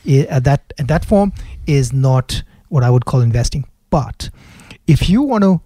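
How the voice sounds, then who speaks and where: A man's voice: mid-range voice, expressive, moderate pace, mellow, no echo. A man co-hosting an investing podcast, explaining his view with careful restarts. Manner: thoughtful, explains with restarts and fillers. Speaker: podcast co-host, investment analyst. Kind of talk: casual podcast chat.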